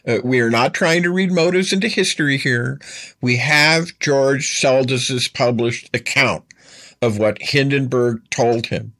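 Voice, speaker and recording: A man's voice: mid-range voice, unhurried, fairly bright tone. A man giving a storytelling history lecture. He talks to the listener directly and repeats his key points for emphasis.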